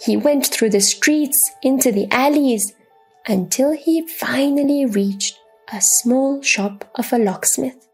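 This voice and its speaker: A woman narrating a religious children's story in a slow, expressive, reverent manner. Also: high-pitched, slightly rough, soft background music.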